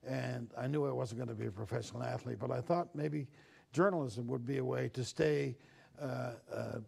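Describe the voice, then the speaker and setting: A man's voice: medium pitch, steady tone, moderate pace, gravelly, a little mellow, breathy edge. An older man from Newfoundland, a newspaper columnist, telling stories of his childhood in a sit-down interview, and acting out the voices he quotes. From Newfoundland, Canada. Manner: reflective storyteller, acts out quoted voices.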